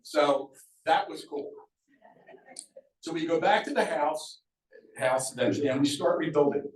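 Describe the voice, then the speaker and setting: An older man from Sea Isle City, New Jersey, recounts local memories at a museum event, his middle-pitched voice moving at a measured pace. He's lively and conversational, voicing the characters he quotes. Recorded from a distance, the hall echoes noticeably.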